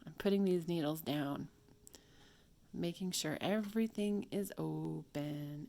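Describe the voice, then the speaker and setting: A woman's voice: low-pitched, slow, gravelly, mellow. A woman at home giving a casual hands-on tutorial, chatting and thinking aloud as she works. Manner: chatty, talks to herself while working, drops to whispers. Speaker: craft video host. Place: home craft room.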